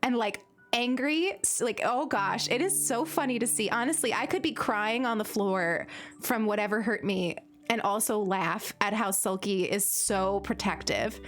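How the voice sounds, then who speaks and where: A woman's voice: medium pitch, normal speed, a bit bright, soft background music. A young woman streaming, chatting casually and giggling, with lots of filler words. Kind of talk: casual chat while gaming.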